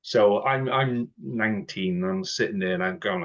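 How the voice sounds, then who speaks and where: A middle-aged man hosting a podcast, telling lively stories and peppering them with "right?" and "you know". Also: lowish voice, moderate pace. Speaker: podcast host. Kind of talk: casual podcast chat. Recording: dull lo-fi audio.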